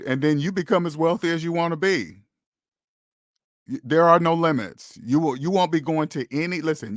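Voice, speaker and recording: A man's voice: on the high side, dry recording, clean studio sound. A man hosting a finance channel, talking to viewers in a casual, emphatic monologue full of rhetorical questions and repeated "okay?".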